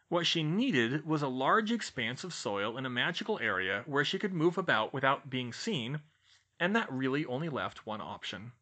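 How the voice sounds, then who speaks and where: A man reading a fan fiction audiobook aloud in steady storytelling narration. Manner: steady storytelling, lively pitch. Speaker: audiobook reader.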